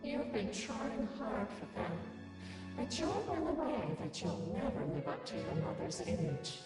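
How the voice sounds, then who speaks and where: An actress voicing a mocking, all-knowing female shadow who taunts slowly and softly in a video game. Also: medium pitch, sing-song. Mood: taunting. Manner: taunting, slow and soft. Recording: echoey distant hall with loud game music.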